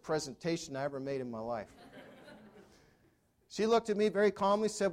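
A man's voice: on the high side, lively intonation, fairly quick, pauses often. A man in his sixties giving a storytelling keynote to a live audience, conversational, with dry humor and questions to the crowd. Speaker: motivational speaker.

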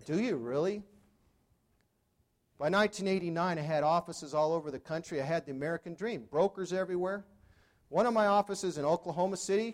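Conversational male keynote storyteller. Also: a little high. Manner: conversational, asks the audience questions, dry humor. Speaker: motivational speaker. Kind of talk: storytelling keynote to a live audience.

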